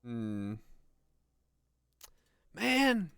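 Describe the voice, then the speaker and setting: A man's voice: mid-range voice, expressive, measured pace, fairly bright tone, no room sound, studio quality. A man streaming a video game, muttering and swearing casually as he plays. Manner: swears freely, mutters to himself. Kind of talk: casual gameplay commentary.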